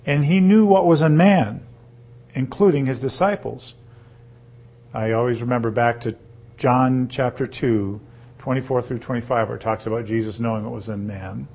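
A man reading scripture aloud and teaching on it, pausing to ask his listeners rhetorical questions. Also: mid-range voice, a little mellow, slightly rough. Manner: reads slowly, then explains with rhetorical questions. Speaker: Bible teacher.

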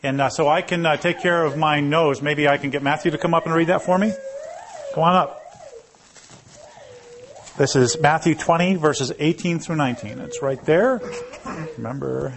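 A man's voice: fairly high pitch, normal speed, pauses often, noisy background. A man preaching a sermon as pastor, reading scripture aloud in a conversational way and calling on listeners by name.

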